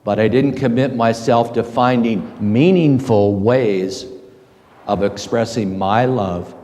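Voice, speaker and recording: A middle-aged man giving a slow, halting, earnest personal testimony to a men's group. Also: mid-range voice, dark tone. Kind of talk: reflective personal testimony talk. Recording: long hall reverb.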